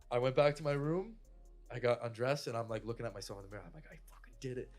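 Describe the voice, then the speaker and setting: A man in the middle of his pitch range tells a story on a casual podcast, swearing freely and acting out the quotes of the people in it. Faint music sits low under his voice. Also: rapid-fire. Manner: animated, swears a lot, acts out quotes. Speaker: podcast co-host telling a story.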